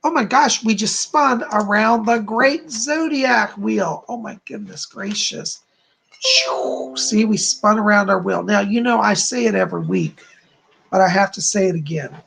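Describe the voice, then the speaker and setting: Chatty and effusive on his live-stream psychic chat, this male channel host and psychic keeps thanking viewers. He talks at normal speed in a high-pitched, creaky, husky voice that's a bit bright.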